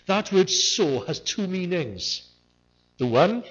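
A man's voice: high voice, big pitch swings, slow, fairly bright tone, slight background noise. A man preaching a sermon in an earnest way, repeating key words to stress them. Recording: muffled lo-fi recording.

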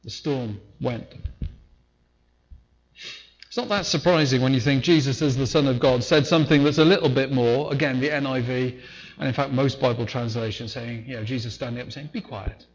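A man's voice: medium pitch, brisk, dull audio. A man preaching a sermon in a conversational way, sometimes acting out the voices of the people in the story. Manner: conversational, acts out voices in retelling.

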